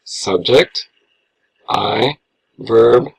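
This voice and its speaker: A man's voice: fairly low pitch, very slow, gravelly, husky, poor audio. A man teaching a grammar lesson, patiently walking through worksheet answers step by step as he marks corrections. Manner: patient, explains step by step, talks through his writing. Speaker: English teacher.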